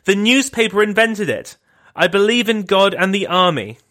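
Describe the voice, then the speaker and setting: A man voicing a proud, distraught middle-aged empress who shouts in denial. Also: high voice, expressive, normal speed, voice pushed up. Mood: indignant.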